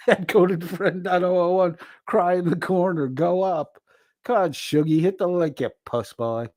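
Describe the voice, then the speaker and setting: A man's voice: a little high, a little mellow, no room sound, studio quality. A man hosting a livestream, reading viewer comments aloud with crude jokes and frequent laughter. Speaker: livestream host reading chat. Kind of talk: casual livestream chat reading.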